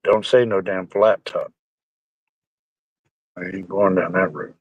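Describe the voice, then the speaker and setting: A man's voice: deep voice, fairly even intonation, slow pace, slightly rough, dull audio. Rambling man with a cold. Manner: rambling, salty, joking. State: has a bad cold. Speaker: live-stream host. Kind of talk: casual chat with viewers.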